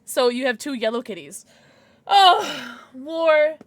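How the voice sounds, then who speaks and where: Young woman, livestreamer, casual chat with viewers, high voice, very lively pitch, giddy, squealing. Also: takes it slowly, no echo. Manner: giddy, squealing and laughing, emotional.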